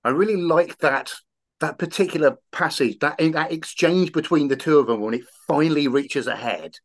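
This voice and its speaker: A man co-hosting a book podcast, chatting casually and reading passages aloud with animated character voices. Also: on the high side, normal speed. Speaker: podcast co-host discussing a novel.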